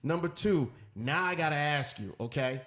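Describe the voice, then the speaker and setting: Talk show host guy, high bright voice, super animated, jokey with callers. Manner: animated, playful, quick to laugh, gives shout-outs. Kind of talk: comedic call-in talk show.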